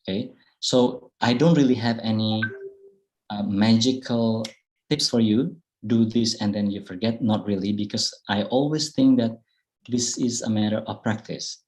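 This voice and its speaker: A man with an Indonesian accent giving an online public speaking talk, speaking slowly and thoughtfully with frequent fillers and restarts. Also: lowish voice, steady tone, a little mellow, poor audio. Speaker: guest speaker. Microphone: video call.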